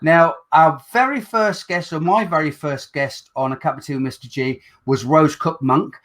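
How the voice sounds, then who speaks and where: Chatty show host, a man with a Black Country accent, slightly high voice, self-deprecating, stumbles now and then. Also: normal speed, fairly bright tone. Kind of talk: casual chat.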